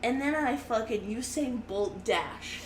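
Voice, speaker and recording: A woman's voice: fairly high pitch, animated, unhurried. A young woman comedian telling a story casually, rambling and laughing with lots of fillers and swearing. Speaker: comedian guest. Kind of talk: casual storytelling on a live show. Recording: echoey room with noise.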